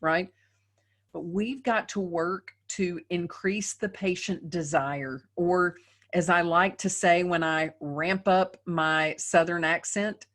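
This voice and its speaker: Chatty middle-aged woman lecturing a webinar. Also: on the low side. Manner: conversational, often tags sentences with "right?". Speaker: dental practice trainer.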